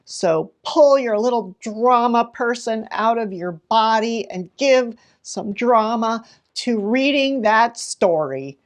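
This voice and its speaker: A middle-aged woman teacher giving read-aloud tips, animated and dramatic, with sudden gasps. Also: a little high, takes it slowly. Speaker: teacher and children's librarian.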